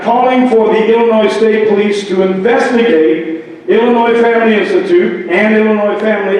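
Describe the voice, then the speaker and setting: A high-voiced man preaching to a town hall crowd. He throws out rhetorical questions and quips. The sound is very echoey and picked up from far across the hall, with faint background noise. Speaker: pastor. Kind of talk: impassioned public speech. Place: town hall meeting in a large hall. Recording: echoey hall, distant mic.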